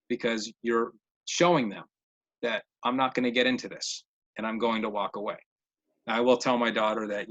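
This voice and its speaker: A man talks through questions in a relaxed webinar, his voice bright and forward. He restarts phrases and doubles words as he works out his answers. The call audio is slightly dull and muffled. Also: mid-range voice. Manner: repeats words while thinking, many fillers. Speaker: behavior interventionist answering questions. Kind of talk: casual webinar Q&A.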